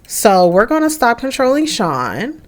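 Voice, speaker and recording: A young woman giving casual let's-play commentary on a life-simulation game, chatty and animated. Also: fairly high pitch, a little slow. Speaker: gaming creator.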